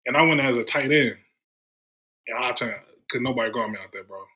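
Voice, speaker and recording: A man from Durham, North Carolina, sits as a podcast guest and talks through his stories in an easy, casual way. His voice is bright and forward, and he slips into the voices of people he quotes. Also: mid-range voice, quick pace, breathy edge, rough recording. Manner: animated storyteller, acts out quoted voices. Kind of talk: casual storytelling chat.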